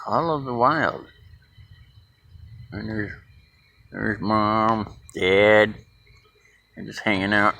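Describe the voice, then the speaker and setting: Low-voiced man chatting casually outdoors. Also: takes it slowly, gravelly, long pauses, a bit bright, dry recording. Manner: chatty, coos at birds in a raised playful voice. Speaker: vlogger. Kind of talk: casual handheld vlog. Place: outdoors near his truck.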